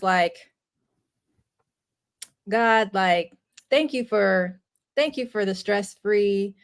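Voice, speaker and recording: A young woman at a middle pitch speaks as a podcast guest. She talks in an easygoing, conversational way and leans on filler words as she explains her thoughts. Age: young adult. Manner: relaxed and conversational, peppers speech with "like". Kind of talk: casual podcast chat.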